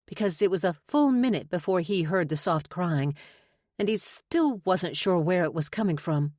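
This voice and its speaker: A woman narrating a romance audiobook in a measured, expressive reading. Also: fairly low pitch, no room sound, clean studio sound. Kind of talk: scripted narration.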